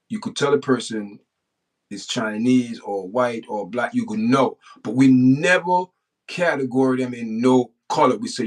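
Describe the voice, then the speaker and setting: A middle-aged Jamaican man hosting a casual livestream, talking in long rambling runs with frequent restarts and sudden animated bursts. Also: mid-range voice, rough recording. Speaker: livestream host. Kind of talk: casual live-stream monologue.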